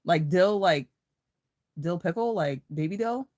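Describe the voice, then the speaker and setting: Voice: mid-range voice, expressive, measured pace, darkish tone. Rambling, foul-mouthed livestream host. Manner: rambling, heavy swearing, greets chat viewers by name; playful, laughs often. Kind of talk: casual livestream chat.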